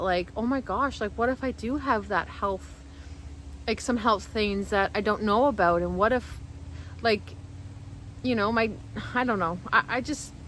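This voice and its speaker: A woman's voice: medium pitch, a bit bright, a little hiss or hum, low-quality recording. A woman vlogger telling a personal story straight to camera, rambling and heartfelt, full of "like" and restarts.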